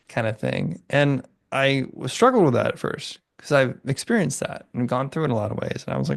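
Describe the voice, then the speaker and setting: A man's voice: mid-range voice, animated, brisk, gravelly, dry recording, studio quality. A man speaking as a podcast guest in casual conversation, rambling and acting out little bits of dialogue. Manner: rambling, acts out voices of friends.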